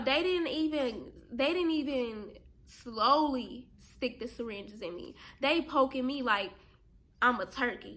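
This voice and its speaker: Young woman vlogger, fairly high, bright tone, chatty storyteller talking to her viewers. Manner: animated, chatty, addresses viewers as "girl" and "y'all". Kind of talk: casual storytelling to camera.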